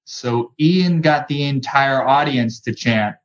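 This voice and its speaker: Speaker in a relaxed chat, very slow delivery, slightly muffled lo-fi sound. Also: mid-range voice. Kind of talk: casual chat. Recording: slightly dull, lo-fi.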